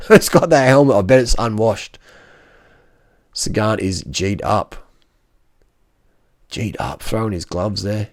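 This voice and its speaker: A man commenting casually over race footage in an excitable, slangy way, full of exclamations. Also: fairly low pitch, slow, long pauses, no echo, clean studio sound. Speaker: cycling vlogger.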